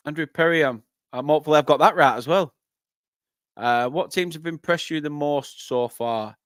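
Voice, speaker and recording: A young northern English man hosting a live football watchalong, chatting with viewers and breaking into excited play-by-play. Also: fairly high pitch, no echo, clean studio sound. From northern England. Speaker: fan channel host.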